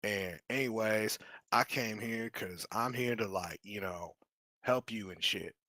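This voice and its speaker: A man's voice: fairly low pitch, a little slow, pushed and bright, dry recording. A man playing a brash, slangy goblin sorcerer. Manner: street slang, cussing, rambling storytelling. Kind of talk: tabletop role-play.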